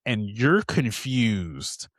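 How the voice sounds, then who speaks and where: A man's voice: on the low side, very animated, very slow, no room sound, studio quality. A man co-hosting a podcast in casual chat, swearing freely and laughing with sarcastic asides. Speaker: podcast co-host.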